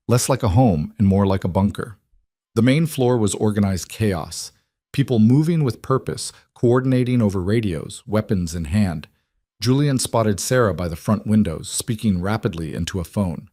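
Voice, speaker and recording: A man giving tense, measured scripted audiobook narration of a crime thriller. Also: fairly low pitch, darkish tone, no room sound, clean studio sound.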